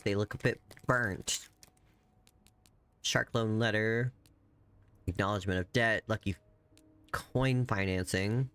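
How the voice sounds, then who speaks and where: Low-voiced man rambling through a game. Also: fairly even intonation, slow, pauses often, fairly bright tone, clean tone. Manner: rambling, playful, thinks aloud. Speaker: game streamer. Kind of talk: casual game commentary.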